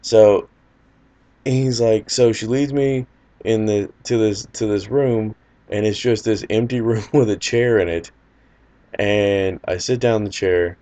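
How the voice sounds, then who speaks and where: A man's voice: on the low side, fairly even intonation, unhurried, warm tone. A man casually telling a personal anecdote in a loose, rambling, wry way. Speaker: storyteller.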